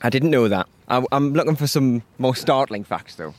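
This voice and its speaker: A man's voice: medium pitch, lively intonation, moderate pace, no room sound. A man co-hosting a podcast, chatting casually and teasing his co-host while walking outdoors by a river. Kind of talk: casual chat.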